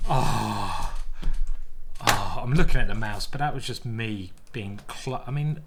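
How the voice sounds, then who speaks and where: A man, a chess grandmaster, giving lively, self-mocking live commentary on his own games as he plays them. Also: on the low side, moderate pace, very noisy. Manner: animated, exclaiming, self-mocking banter.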